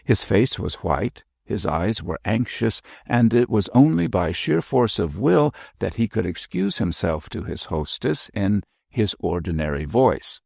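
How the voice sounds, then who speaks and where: A man narrating a classic mystery audiobook in a measured, expressive reading. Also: fairly low pitch, gravelly, breathy edge, dry recording, studio quality.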